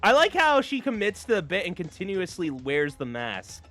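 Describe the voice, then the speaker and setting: Animated man streaming a dating game. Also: sits high, moderate pace, faint music behind. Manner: animated, laughing, rambling asides. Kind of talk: casual gameplay commentary.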